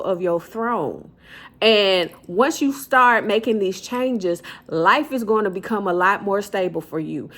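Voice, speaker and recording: A woman giving a tarot card reading straight to camera, blunt and motherly, dishing out tough love and calling the listener baby. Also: medium pitch. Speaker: tarot reader, channel host.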